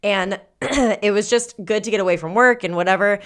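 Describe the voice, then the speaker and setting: Fast-mumbling woman from New Jersey. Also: medium pitch. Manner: fast, slurring and mumbling speech. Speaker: podcast co-host. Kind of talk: casual chat.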